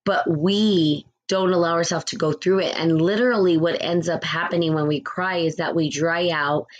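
A woman's voice: lowish voice, low-quality recording. A woman talking through spiritual ideas in a casual, conversational way, reading short passages aloud and acting out quoted people as she goes. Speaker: spiritual teacher.

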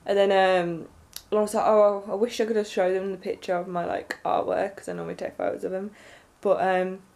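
Young girl telling a story to her camera, all excited, rambling, loads of fillers. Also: medium pitch, fairly quick, gravelly. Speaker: vlogger.

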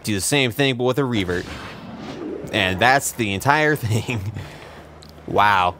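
Over a noisy background, a young man gives laid-back video game commentary full of sarcasm, profanity and self-mockery. His voice is on the low side, slow, with lively intonation.

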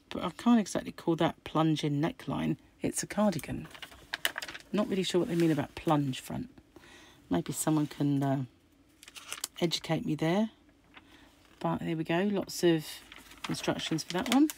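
Croaky middle-aged craft host, deep gravelly voice, chatty and musing. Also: female voice, a little mellow. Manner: chatty, musing aloud while flicking through pages. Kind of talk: casual magazine unboxing chat.

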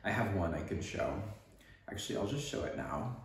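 A man's voice: low voice, very animated, normal speed, slight background noise. A man with a Texas accent hosting a casual knitting podcast, rambling and joking with a lot of "like" in his speech. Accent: Texan. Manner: rambling, chatty, joking, lots of "like". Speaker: podcast host. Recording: very echoey room.

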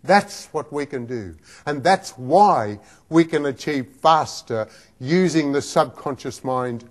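A man's voice: on the high side, animated, slow pace. A man giving a motivational lecture as a self-improvement teacher, emphatic and often checking in with the listener with "right?".

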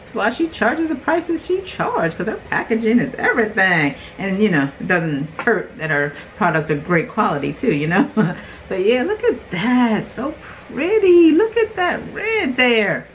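A woman's voice: mid-range voice, slight background noise, rough recording. A middle-aged woman, chatting animatedly and exclaiming through a casual unboxing vlog. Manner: animated, exclaiming, quick asides. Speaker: beauty vlogger.

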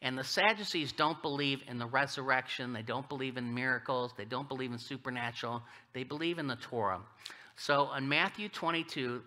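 A middle-aged man preaching as a guest speaker, telling stories and cracking jokes as he reads scripture. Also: mid-range voice. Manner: animated storytelling, jokey asides. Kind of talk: sermon with humor.

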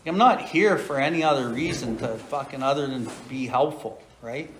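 A man's voice: mid-range voice, moderate pace, a little hiss or hum. A middle-aged man hosting a recovery podcast, talking bluntly and profanely with many "right?" asides and reading aloud from a recovery book. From Canada. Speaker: recovery podcast host and sponsor. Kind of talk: blunt casual talk and Big Book reading.

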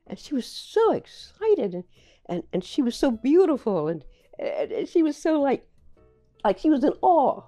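An older woman, a playwright, recalling her career in a reflective, halting way, often repeating words as she remembers. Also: high voice, big pitch swings, mellow, faint music behind. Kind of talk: reflective personal storytelling.

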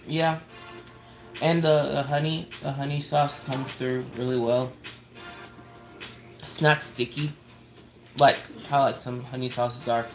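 A man, the show's producer, tasting a dish and giving an earnest, halting review in casual chat. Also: mid-range voice, little pitch movement, soft background music, poor audio. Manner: earnest, searching for words in his food review.

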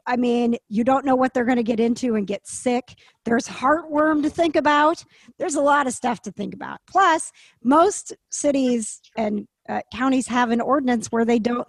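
A woman's voice: a little high, no room sound. A woman hosting a casual chat show, talking emphatically and laughing often. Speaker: podcast host.

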